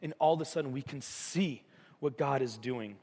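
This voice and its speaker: Conversational pastor in a reverberant hall. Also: male voice, medium pitch, normal speed, darkish tone, husky. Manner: conversational, acts out voices in stories. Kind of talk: sermon. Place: church.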